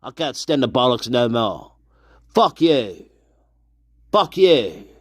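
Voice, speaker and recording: A man voicing a cranky, ranting man who shouts profane insults and demands his whiskey. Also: medium pitch, very animated, slow pace, no room sound, clean studio sound. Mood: exasperated.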